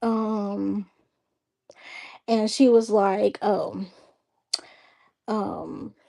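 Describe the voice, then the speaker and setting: A woman's voice: medium pitch, very slow, gravelly, warm tone. A woman hosting a livestream, telling a story in casual chat, blunt and exasperated, with frequent cursing. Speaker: livestream host.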